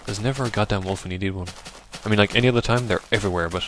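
Man, casual game commentary, somewhat low voice, faint hiss on the desk mic. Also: very fast. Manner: chatty, rambling, bursts into loud yelps at the game. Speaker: gaming video host. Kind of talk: casual let's-play commentary.

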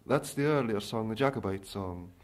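A Scottish man in his thirties, a folk singer giving thoughtful spoken commentary between songs, pausing often with filler sounds. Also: on the low side. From Scotland. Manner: thoughtful, hesitant, with frequent pauses and filler sounds. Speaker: folk singer and song collector.

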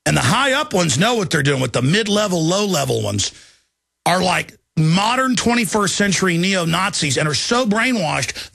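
A man's voice: high voice, vocal fry, slightly rough, no echo, studio quality. A man hosting a radio talk show, ranting in an agitated, heated way. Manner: agitated, ranting, mimics people in shouted voices. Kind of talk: heated political rant.

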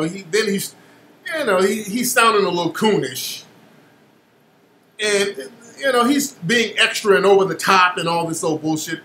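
A man's voice: high-pitched, sharp tone, roomy sound, a little hiss or hum. A male radio host giving opinionated commentary, blunt and profane, repeating phrases for emphasis.

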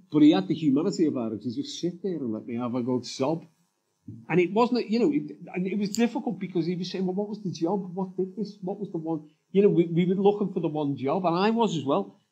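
Husky, mellow man telling candid stories. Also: a little high, highs cut off. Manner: candid, rambling storyteller with many "you know"s. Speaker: guest writer and former police officer. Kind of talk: live on-stage storytelling interview. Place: live summit stage before an audience.

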